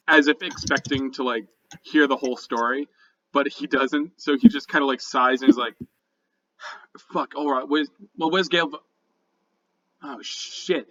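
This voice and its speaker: A man's voice: medium pitch, pushed and bright, muffled recording. A man narrating a tabletop game as game master, casual and filler-heavy.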